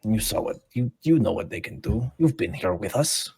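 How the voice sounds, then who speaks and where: A man's voice: fairly low pitch, expressive, moderate pace, creaky, a little mellow, breathy edge, dry recording, exaggerated voice. A man voicing a timid male gnome who admits he is afraid of swarms of tiny creatures. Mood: nervous. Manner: nervous, defensive.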